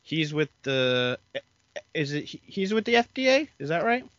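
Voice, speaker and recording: Podcast co-host man, bright voice, plot explainer, dull dry lo-fi audio. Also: on the high side, sing-song, moderate pace, dry recording. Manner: explanatory, retells scenes with quoted lines. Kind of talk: casual chat recapping a TV episode.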